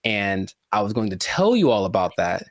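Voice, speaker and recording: A man's voice: fairly low pitch, very animated, normal speed, no echo. A young man co-hosting a podcast, chatting casually with joking, mock-dramatic asides. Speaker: podcast co-host. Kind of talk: casual chat.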